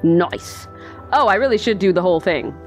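A woman's voice: mid-range voice, expressive, normal speed, faint music behind. A woman giving let's play commentary, chatty and goofy, talking to herself as she plays. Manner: chatty, goofy, talks to herself while playing. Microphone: desk microphone.

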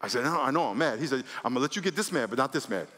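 A man preaching a sermon as pastor, animated, with lots of repetition and acted-out dialogue in a church. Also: medium pitch, racing, a little hiss or hum. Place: large church hall. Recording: long hall reverb.

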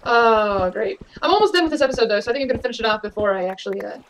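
Young woman, high bright voice, jumpy let's-play talker, faint hum behind her. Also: expressive, rapid-fire, rough recording. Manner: jumpy, exclaiming, talks to game creatures. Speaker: gaming video creator. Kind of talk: casual let's-play commentary. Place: home room at a desk. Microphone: desk webcam mic.

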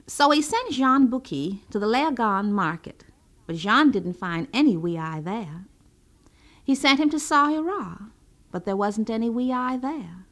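A woman storyteller reading a folk tale aloud, with an expressive, animated delivery. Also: medium pitch, a little slow.

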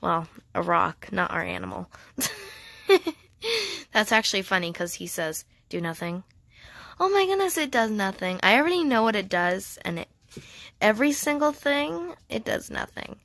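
Excited chatty young woman gamer. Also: on the high side, normal speed, creaky, dry recording. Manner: excited and chatty, laughs often; reads game dialogue aloud. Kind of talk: casual gameplay commentary.

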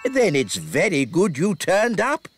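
A woman's voice: fairly low pitch, wildly swooping pitch, a little slow, faint music behind. A woman voicing a fussy, pompous old male elf wizard in a cartoon. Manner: pompous, easily flustered.

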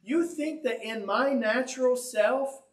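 A man, a pastor, telling a story in a sermon with an animated, conversational, humorous delivery in a church. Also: extremely high pitch, unhurried, echoey room, recorded from a distance. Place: church sanctuary.

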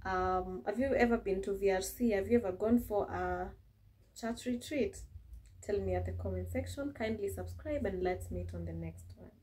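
Young Kenyan woman, vlogger, mellow tone, chatty, repeats words as she talks. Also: medium pitch, moderate pace. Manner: chatty, laughs often, many restarts. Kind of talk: casual vlog chat.

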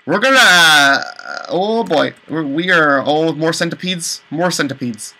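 A man commentating a let's play, exasperated, with high panicked outbursts and swearing. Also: a little slow, bright, forceful tone, poor audio. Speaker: gaming channel host.

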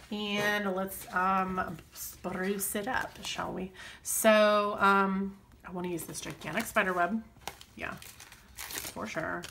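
A woman's voice: medium pitch, creaky, background noise. A woman chatting casually and rambling while she works on her planner, full of fillers and self-deprecating asides. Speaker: planner vlogger.

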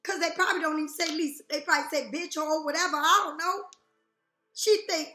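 Woman tarot reader, brassy and high, profane and direct, echoey room with faint music underneath. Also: moderate pace, bright, forceful tone. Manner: blunt, profane, rhetorical questions. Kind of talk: intuitive reading to viewers.

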